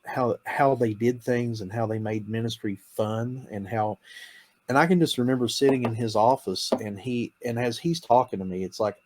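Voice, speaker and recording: A man's voice: medium pitch, normal speed, slight background noise. A man who works in campus ministry, talking in a casual interview, eager and upbeat, laughing often and acting out the voices of others. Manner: enthusiastic, laughs often, acts out students' voices. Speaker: campus missionary.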